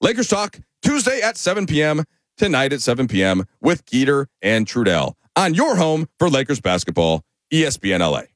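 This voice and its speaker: A man's voice: medium pitch, wildly swooping pitch, fairly quick, no echo. A man recording short radio promos in a studio with a punchy delivery. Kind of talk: reading promo liners in the studio.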